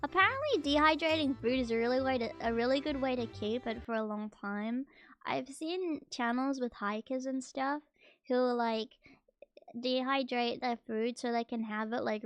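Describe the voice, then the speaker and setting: A woman streamer chatting casually while reacting to a video, playful, her voice jumping much higher when excited. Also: moderate pace, dry recording, soft background music.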